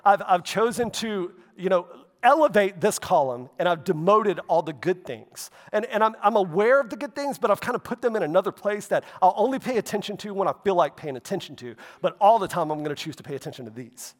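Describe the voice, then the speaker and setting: A man's voice: high-pitched, animated, fairly quick. Man preaching in a reverberant hall. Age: adult, walked with faith over half his life. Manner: conversational preaching with asides and tag questions. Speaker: pastor. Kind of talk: sermon.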